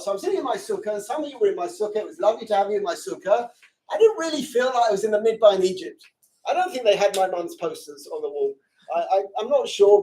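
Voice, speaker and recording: A man giving an emotional Torah lecture to a women's seminary class, swinging from hushed and choked to shouting. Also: high-pitched. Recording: distant from the mic.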